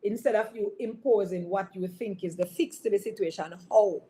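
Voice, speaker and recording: A woman's voice: medium pitch, normal speed, warm tone. Woman preaching casually on marriage. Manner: conversational, teasing audience members by name, frequent tag questions. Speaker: bishop. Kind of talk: informal sermon on marriage. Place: online service broadcast.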